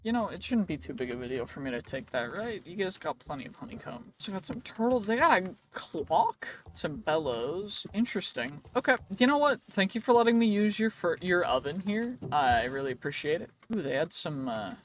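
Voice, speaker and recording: A man with a high voice gives loose, rambling gameplay commentary, joking around and chatting to characters on screen. His voice sounds worn and tired, and there is a faint hiss behind him. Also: big pitch swings, moderate pace, few pauses. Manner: rambling, playful, talks to game characters. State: voice wearing out. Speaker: gaming video creator.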